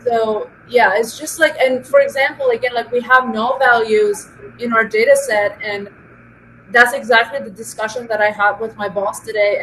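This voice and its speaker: High-voiced woman telling animated work stories. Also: a little hiss or hum, poor audio. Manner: animated storytelling, many fillers and restarts. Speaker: data scientist guest. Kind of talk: casual interview conversation.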